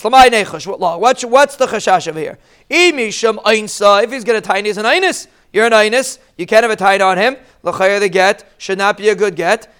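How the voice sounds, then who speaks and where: High, smooth-voiced man teaching Talmud. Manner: explains Aramaic text line by line in casual English, with restarts; acts out quoted shouts with a raised voice. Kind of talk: Talmud study lesson.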